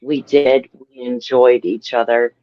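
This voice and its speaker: A man talking about his brother on a live stream, halting and crying. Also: mid-range voice, flat delivery, no echo. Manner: halting, tearful, very slow. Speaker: guest. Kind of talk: emotional live stream chat. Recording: dull lo-fi audio.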